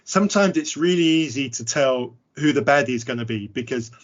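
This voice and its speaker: A man's voice: mid-range voice, brisk. Wry English man on a muffled line. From England. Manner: candid, wry, self-deprecating. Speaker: podcast host. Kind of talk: casual conversation.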